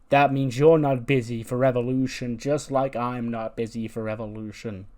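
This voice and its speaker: A man's voice: medium pitch, a little mellow, natural voice. A brash, menacing female wrestler throws out cocky taunts at her next opponent, as a man reads her lines in his own voice. The swagger sits in the words more than the voice. It plays out like trash talk in a wrestling game.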